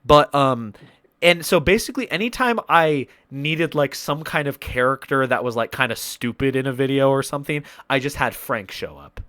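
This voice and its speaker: A man's voice: medium pitch, lively intonation, moderate pace, a bit bright, dry recording. Man rambling through a story, dry sound. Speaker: podcast host. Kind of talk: casual chat.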